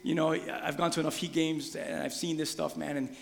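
A man preaching a sermon, animated, acting out voices and shouting the quoted lines. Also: fairly high pitch, fairly quick, vocal fry. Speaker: pastor. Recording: long reverb of a large hall.

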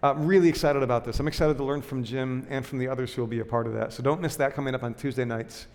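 A man's voice: medium pitch, steady tone, very fast, darkish tone, in a large hall. A man, a pastor, preaching a sermon full of personal stories in a conversational, self-deprecating way with lots of fillers and restarts.

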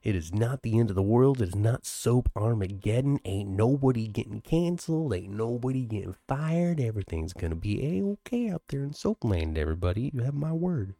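A man's voice: fairly low pitch, big pitch swings, a little fast, few pauses, dark tone, no echo. A man co-hosting a podcast over a video call, chatting casually and laughing often. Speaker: podcast co-host. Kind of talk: casual chat. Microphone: home computer mic, video call.

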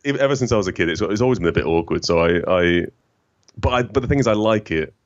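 A man with a rich, smooth voice and a faint northern English accent, chatting casually as a guest with lots of restarts and self-deprecating asides. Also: lowish voice, lively intonation, quick pace, muffled recording. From northern England. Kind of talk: casual conversation.

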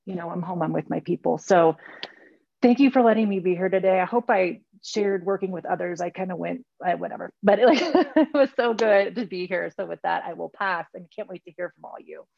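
A middle-aged woman shares her story over a video call, rambling and circling back with lots of fillers. Her voice is gravelly and a bit low. The audio is dull and lo-fi, with a dry sound. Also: steady tone, fairly quick, no echo. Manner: rambling, many fillers and restarts. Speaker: speaker sharing at a recovery meeting. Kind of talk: heartfelt personal share.

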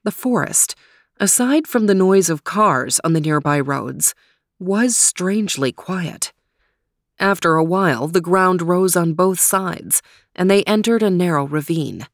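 A woman narrates a children's story in a calm, gentle reading voice. Her register sits low for a woman, and the recording is close and dry. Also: measured pace, dry recording.

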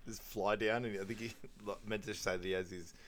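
Low-voiced man recapping a film. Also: fairly even intonation, fairly quick, a bit bright, slight background noise. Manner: retells scenes with quoted lines and laughs. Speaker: podcast co-host. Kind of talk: casual film recap chat.

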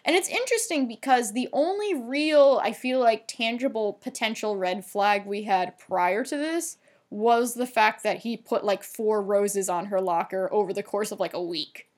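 Co-hosting a podcast at a moderate pace, a woman with a mid-range voice recaps a TV episode. Her talk is loose and chatty, heavy on fillers, with occasional swearing.

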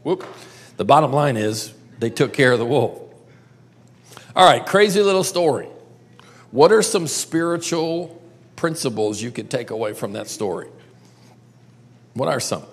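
A man's voice: mid-range voice, animated, a little slow, pauses often, breathy edge. A man telling a story to a group and drawing lessons from it, coaxing them with questions. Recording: long hall reverb.

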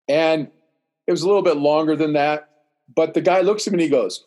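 A man's voice: fairly high pitch, brisk. An older man telling a long story in casual chat, acting out what others said, with many restarts. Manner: animated, acts out dialogue, rambling restarts.

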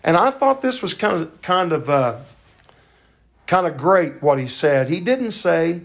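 An older man tells a faith testimony on his podcast, fervent and preacher-like, leaning on drawn-out words. His voice sits a little high and has a gravelly edge. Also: very animated. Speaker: podcast host.

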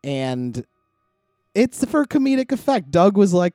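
A middle-aged man chatting as a podcast co-host, telling a long, rambling story full of swearing and loud quoted outbursts. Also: a little high, unhurried, no echo, studio quality. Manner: rambling, profane, animated when quoting others. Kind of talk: casual chat, storytelling.

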